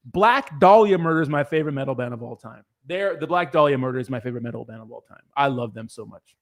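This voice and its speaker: A man's voice: mid-range voice, lively intonation, quick pace. A young man hosting a casual livestream, reading viewer comments and joking around with laughter and lots of swearing. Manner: joking, laughing, profane and loose. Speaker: crypto livestreamer.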